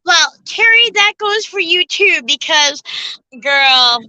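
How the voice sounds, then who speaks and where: A woman's voice: extremely high pitch, lively intonation, slow, pushed and bright, dry recording, rough recording. A woman co-host, chatting bubbly and teasing on a livestream. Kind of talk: casual chat on a livestream.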